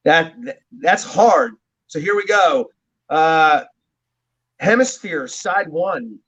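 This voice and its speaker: His voice is a little high, husky and fairly bright, with lively intonation and an unhurried pace. He's a drummer from New Jersey, USA, casually rambling through stories in an interview and often chuckling, captured in muffled, dull lo-fi audio.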